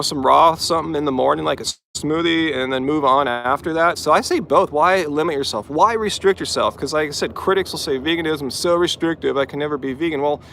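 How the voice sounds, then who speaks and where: Vegan host, male, slightly high voice, live chat Q&A outside after a run, argumentative and chatty, faint traffic behind. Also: gravelly, a bit bright. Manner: talkative, pointed, rebutting commenters. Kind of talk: live-stream Q&A.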